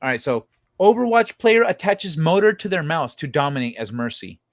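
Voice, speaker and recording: A man's voice: on the high side, lively intonation, moderate pace, no room sound. A man hosting a casual livestream, rambling through tangents, reading chat comments aloud, laughing often and swearing freely. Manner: rambling, with frequent fillers and tangents. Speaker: livestream host.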